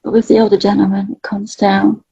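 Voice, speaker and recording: A woman, working as a spirit artist, talking gently and chattily through a live drawing reading and laughing often. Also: mid-range voice, completely flat delivery, a little fast, vocal fry, breathy edge, no room sound, dull audio. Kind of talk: live psychic drawing session.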